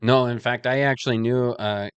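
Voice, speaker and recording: A man's voice: mid-range voice, steady tone, moderate pace, clean tone, dry recording, dull audio. A married man co-hosting a podcast in casual chat, easygoing and rambling as he tells stories. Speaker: podcast co-host.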